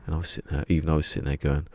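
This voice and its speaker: A man with a rumbling low, darkish voice and vocal fry rambles through a casual gaming stream from a room at home, chuckling as he talks to himself.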